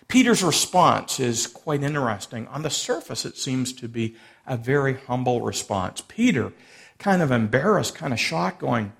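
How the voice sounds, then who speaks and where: A man's voice: medium pitch, gravelly. A man preaching a sermon, expounding a passage and acting out the quoted lines with shifting emphasis. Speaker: pastor.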